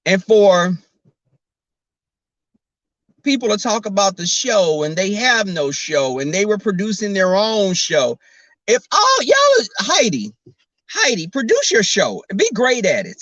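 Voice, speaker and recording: A man with a fairly high voice talks straight to his viewers from his car, sassy and chatty. His sound is close and dry, with no room around it. He reads his live chat aloud between remarks. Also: a bit bright, dry recording, muffled recording. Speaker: YouTuber. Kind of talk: casual livestream chat. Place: in a car while driving.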